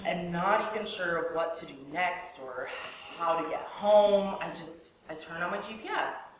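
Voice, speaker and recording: A woman's voice: lowish voice, normal speed. A woman telling a personal story in a wry, sarcastic way. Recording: echoey room, faint hiss.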